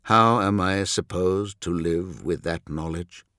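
A grave, compassionate male warrior-lord, as a male narrator voices him, solemn in every word. The voice is low and unhurried. The recording is dry and close to the mic. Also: bright, forceful tone, dry recording, full character voice.

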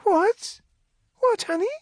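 A man doing a gentle soothing young woman. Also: very high-pitched, expressive, slow, no echo, pitched above the performer's own voice, full character voice. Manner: soothing, gentle but firm. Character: calm, caring young woman soothing children.

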